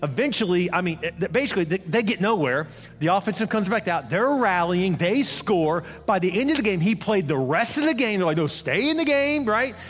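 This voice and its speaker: A man's voice: sits high, expressive, brisk. A man preaching a sermon, telling a story with acted dialogue and building to an emphatic call. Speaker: pastor. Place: church auditorium. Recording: large hall reverb with faint music.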